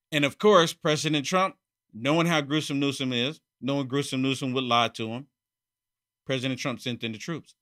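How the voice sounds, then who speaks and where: A man's voice: medium pitch, fairly even intonation, moderate pace, bright, forceful tone. A man hosting a heated political opinion monologue, repeating himself and mocking opponents. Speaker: political commentary host.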